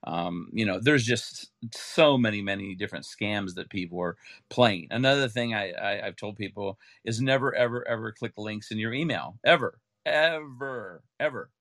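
A man's voice: lowish voice, moderate pace, a bit bright, no room sound, studio quality. A man hosting a casual podcast chat, emphatic and repeating words when making a point. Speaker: podcast host.

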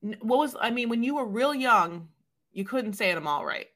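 A woman's voice: a little high, animated, normal speed, a bit bright. A woman co-hosting a podcast in casual chat, rambling with many fillers and playfully mimicking people. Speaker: podcast co-host.

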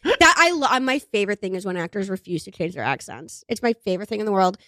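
A woman guest in casual studio chat, animated and laughing, swearing freely. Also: mid-range voice, fast, no echo. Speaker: podcast guest. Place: radio studio.

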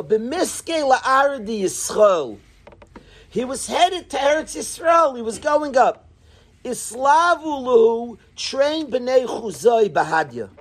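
A man teaching a Talmud class, telling the stories in an animated way and mixing in Hebrew and Aramaic terms. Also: high voice, breathy edge.

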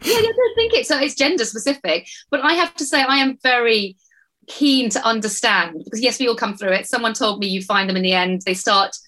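A woman's voice: a little high, lively intonation, brisk, sharp tone, poor audio. A middle-aged woman on a podcast panel, telling a family story in casual chat and acting out what everyone said.

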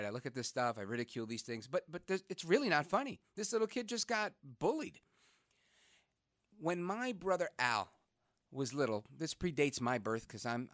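A man hosting a talk radio show, speaking in an animated, conversational way. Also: medium pitch, no room sound, studio quality. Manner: animated, conversational, outraged then reflective. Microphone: studio microphone.

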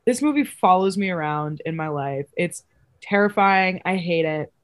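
A young woman co-hosting a casual podcast over a video call, telling a rambling, animated story. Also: lowish voice, normal speed. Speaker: podcast co-host. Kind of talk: casual chat.

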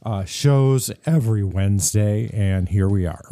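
A man co-hosting a food podcast in casual chat, hoarse and croaky from laryngitis. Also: on the low side, mellow, no echo, clean studio sound. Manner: apologetic, measured. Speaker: podcast co-host.

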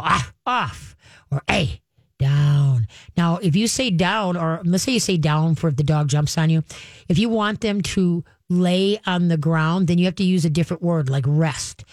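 A woman's voice: fairly low pitch, a little mellow, no echo, studio quality. A woman hosting a call-in radio show, giving folksy, chatty advice on training pets and acting out little voices as she goes.

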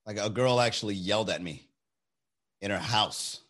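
A man's voice: fairly low pitch, moderate pace, a bit bright. A young man hosting a casual chat, telling a story animatedly and profanely, acting out quotes.

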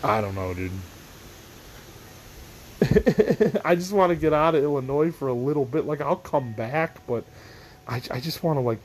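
A man's voice: medium pitch, lively intonation, a little fast, a little hiss or hum. A middle-aged man hosting a solo podcast, venting in a tired, rambling way, trailing off and restarting, swearing casually. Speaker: podcast host.

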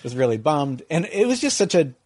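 A middle-aged man telling a long, rambling story in casual conversation, full of likes and you-knows, jumping into high mocking voices to quote people. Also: big pitch swings, brisk, a little mellow, dry recording.

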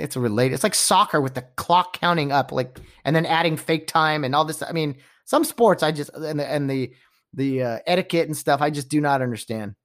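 A man's voice: on the high side, a bit bright. A man hosting a podcast, ranting casually about sports and acting out quotes in mock voices and whispers. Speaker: podcast host.

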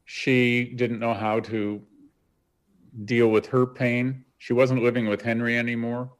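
A Canadian man recounting a story in an interview, animated and acting out the quotes. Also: medium pitch, unhurried. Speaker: guest.

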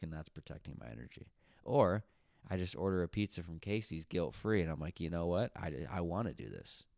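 A man's voice: deep voice, darkish tone, no room sound, clean studio sound. A man who works as a teacher, telling a personal story in a conversational, reflective, self-deprecating way. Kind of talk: casual storytelling monologue.

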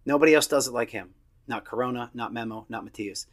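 Casual podcast host, man in his thirties, mid-pitched, blunt and opinionated with casual swearing. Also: quick pace. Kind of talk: casual solo match review.

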